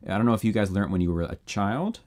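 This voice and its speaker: A man producing music on a live stream, chatting in a relaxed, rambling way with viewers between playing. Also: fairly low pitch, quick pace. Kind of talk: casual live-stream chat.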